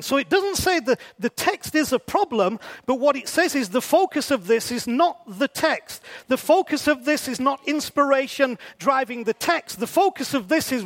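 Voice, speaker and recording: A man's voice: very high-pitched, fairly bright tone. A man preaching a sermon in a conversational way, asking his listeners rhetorical questions.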